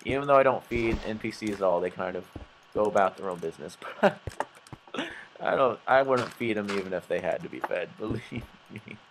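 A young man hosting a gaming channel rambles through goofy let's play commentary, laughing a lot and mocking himself. His voice is lowish and brisk, with background noise in the clip.

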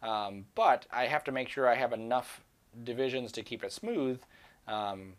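A man giving a screen-recorded software tutorial, talking casually and rambling to himself as he works. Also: medium pitch, unhurried. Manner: casual, rambling, talks to himself while working. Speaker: 3D software instructor.

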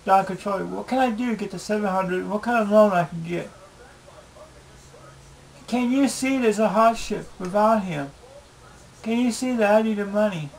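Man, home video diary, halting and pleading, high gravelly voice. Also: low-quality recording. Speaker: video blogger. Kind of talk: emotional personal video diary.

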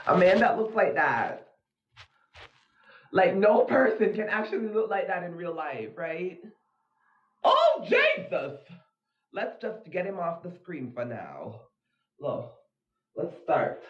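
A man's voice: high voice, animated, a little slow. Jittery, dramatic man on a phone live stream. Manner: dramatic, jittery, gushes at viewers. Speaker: livestream host. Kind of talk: casual live-stream chat. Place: dim room at home at night. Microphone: phone propped against a mirror. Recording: echoey, dull lo-fi phone audio.

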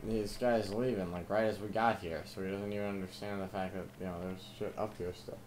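A man's voice: sits low, steady tone, a little fast, crowd noise. A young man chatting casually and teasing a friend while they play a game together. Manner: teasing, laughing, swearing. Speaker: gamer. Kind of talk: casual multiplayer gaming chat.

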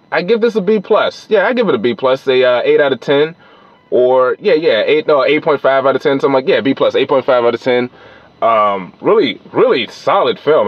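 Casual male film reviewer, rambling, mid-pitched, dry and slightly dull recording. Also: no room sound. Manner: rambling, loose, many fillers and restarts.

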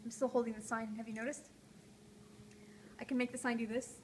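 High-voiced woman, playful rambling host. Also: little pitch movement, a little fast. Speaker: host of a live call-in art show. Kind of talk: live stream chat while drawing. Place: art gallery, indoors. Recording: noisy live stream room.

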